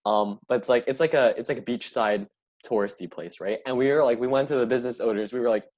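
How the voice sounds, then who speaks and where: A man's voice: mid-range voice, fast talker, darkish tone. A young man telling a long story in casual chat, rambling and leaning on "like" a lot. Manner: rambling, heavy filler "like". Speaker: podcast co-host.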